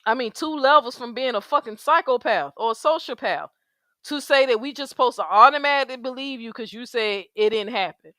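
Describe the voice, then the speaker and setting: Black woman ranting on a stream, cussing, bright highish voice, dry close sound. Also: a little fast, no room sound. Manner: blunt, profane, emphatic, heavy slang. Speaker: commentary streamer. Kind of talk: outraged livestream commentary.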